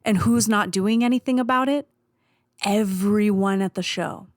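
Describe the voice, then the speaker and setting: A woman's voice: mid-range voice, moderate pace, no room sound, studio quality. A woman hosting a radio show, telling a story from touring with her band and then introducing a song, in a blunt, emphatic manner that is full of swearing.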